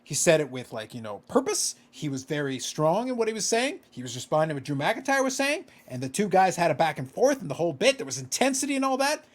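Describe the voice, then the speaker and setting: Lively ranting man on a podcast. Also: a little high, fast, few pauses. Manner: ranting, exasperated, profane. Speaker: podcast co-host. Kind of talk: casual podcast chat.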